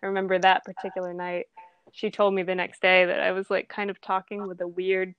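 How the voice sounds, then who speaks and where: A young adult woman who manages a restaurant, chatting casually, animated and laughing often. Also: medium pitch, fairly quick, highs cut off, slight background noise. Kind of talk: casual chat.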